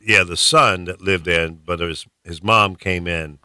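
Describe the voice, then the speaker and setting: A man's voice: deep voice, steady tone, measured pace, pushed and bright, clear, resonant tone, no room sound. A man hosting a radio show in a studio, chatting casually with his co-hosts and laughing often.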